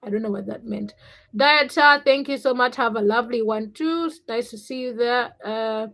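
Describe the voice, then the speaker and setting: A woman's voice: a little high, fairly bright tone, low-quality recording. A young woman from Africa hosting a casual livestream, chatting and greeting viewers by name as she reads their comments. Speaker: livestream host.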